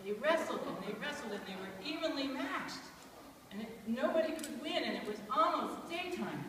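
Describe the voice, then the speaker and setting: A woman's voice: sits high, lively intonation, normal speed, noisy background. A woman telling a Bible story to an audience in a chatty, playful way, recorded from far off in a large echoey hall.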